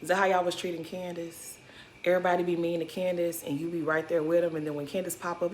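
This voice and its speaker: A woman's voice: lowish voice, flat delivery, fast, a little hiss or hum. A woman giving blunt, sassy reaction commentary on a reality show, talking straight to the cast.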